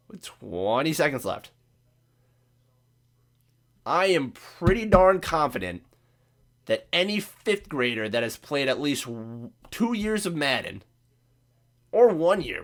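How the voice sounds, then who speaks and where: A man's voice: a little high, slow, vocal fry, pauses often. Sick Midwestern man ranting, voice cracking. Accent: Midwestern American. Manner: profane, sarcastic, animated ranting. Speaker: podcast host. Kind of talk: casual sports rant.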